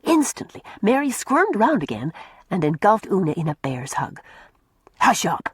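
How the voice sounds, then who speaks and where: A woman's voice: moderate pace, breathy edge, no room sound, studio quality. A woman narrating a classic novel as an audiobook, telling the story expressively. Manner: expressive storytelling with varied pitch.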